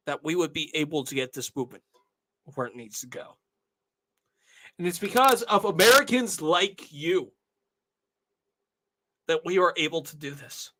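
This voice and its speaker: A man's voice: fairly high pitch, expressive, moderate pace, pauses often, pushed and bright. A young man in his twenties hosting his channel, talking earnestly and emotionally to viewers and repeatedly asking "all right?". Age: 20s. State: emotional, tearing up. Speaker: channel host. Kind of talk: casual monologue to viewers.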